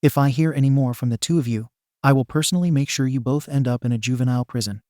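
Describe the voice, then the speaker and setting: A man's voice: mid-range voice, fast talker, dark tone, dry recording, studio quality, close to an everyday voice. A man voicing a stern, tired middle-aged detective in a storybook reading. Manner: stern, weary.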